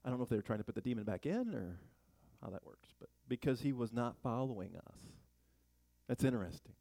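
Man, Bible teacher, chatty sermon, rhetorical questions, lively pitch, dry close sound. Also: fast talker, creaky, no echo. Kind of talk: conversational Bible study sermon.

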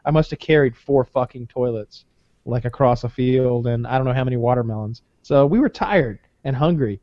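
A man's voice: mid-range voice, moderate pace, no room sound. A man co-hosting a podcast, telling a rambling, profane story in casual chat. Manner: rambling, profane, animated retelling. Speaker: podcast co-host. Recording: slightly dull lo-fi sound.

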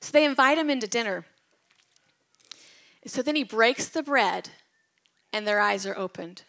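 A woman's voice: fairly high pitch, lively intonation, a little slow, fairly bright tone. A woman retelling Bible stories in a casual devotional talk. She tells them with animation and drops to a whisper at tender moments. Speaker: Bible teacher.

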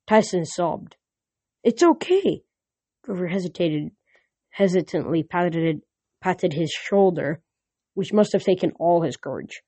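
A man casually reading a novel aloud, halting with restarts, recorded on a phone lying nearby. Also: sits high, mellow, no room sound. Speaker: audiobook reader.

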